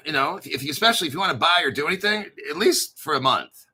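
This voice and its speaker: A man's voice: a little high, expressive, fast talker, sharp tone, breathy edge. A man hosting a crypto channel, rambling casually with profanity, jokes and self-mockery. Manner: profane, joking, self-mocking and digressive.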